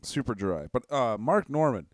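A man's voice: medium pitch, big pitch swings, normal speed, no echo, studio quality. A man in casual chat, laid-back and profane, often trailing off mid-thought.

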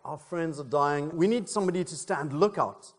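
A man voicing an elderly male Smurf leader who speaks to the crowd in a steady, fatherly way. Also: on the high side, moderate pace, close to an everyday voice. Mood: addressing.

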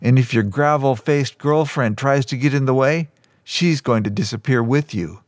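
A man reading aloud plays a spiteful teenage bully in an audiobook, sneering and full of threats. The voice sits in a middle pitch and is recorded close and dry. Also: normal speed, no echo, natural voice. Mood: threatening.

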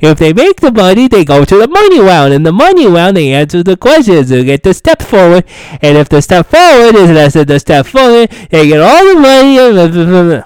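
A man's voice: sits high, big pitch swings, normal speed, darkish tone, clear, resonant tone, dry recording, poor audio. A man imitating a whiny, overexcited male game show fan who rambles in repetitive bursts. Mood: rambling.

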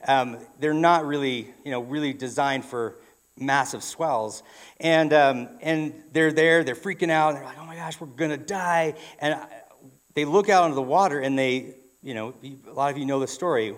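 A man's voice: mid-range voice, normal speed. A man preaching a sermon in a church, telling a story in a conversational way with frequent restarts. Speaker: pastor.

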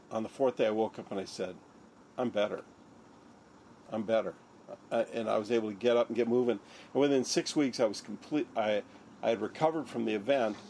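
A man's voice: on the low side, darkish tone, slight background noise. An older man, a surgeon, recounting his story in an interview, acting out the lines of others. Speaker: interviewee, neurosurgeon.

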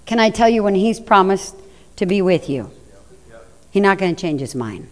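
A woman's voice: medium pitch, sing-song, moderate pace. A middle-aged woman preaching a sermon, telling stories and talking directly to the congregation. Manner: conversational, anecdotal, addresses the congregation. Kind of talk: sermon with storytelling. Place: church hall. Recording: echoey hall reverb.

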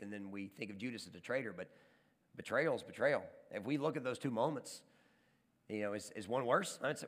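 Man preaching, lively storytelling, lots of restarts, big hall reverb. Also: medium pitch. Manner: animated storytelling, repeats words and restarts. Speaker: pastor. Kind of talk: sermon.

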